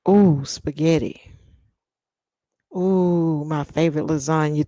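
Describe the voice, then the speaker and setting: A woman's voice: lowish voice, takes it slowly, pauses often, darkish tone, dry recording. A woman hosting a casual live chat with viewers, playful and teasing, drawing out lists of food. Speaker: livestream host.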